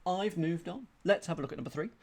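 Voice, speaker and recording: A man streaming a crossword solve, thinking aloud in a chatty, self-deprecating way and reading clues out slowly. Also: fairly high pitch, vocal fry, darkish tone. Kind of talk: casual thinking-aloud commentary.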